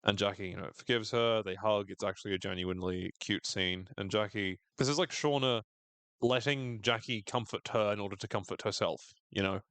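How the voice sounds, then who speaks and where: A man co-hosting a casual podcast recap, animated and jokey, acting out lines in quick silly voices. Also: lowish voice, clear, resonant tone, no room sound. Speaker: podcast co-host.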